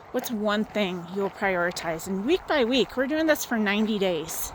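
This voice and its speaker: A woman hosting a wellness challenge, giving gentle, encouraging motivational talk outdoors, a little out of breath from walking. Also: medium pitch, expressive, normal speed, slight background noise, poor audio. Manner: gentle, encouraging, guiding with questions. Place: outdoors in the sun.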